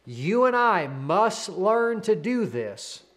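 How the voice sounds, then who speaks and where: A man's voice: high voice, big pitch swings, slow. A man in his thirties preaching a sermon as pastor, earnest, with repeated declarations.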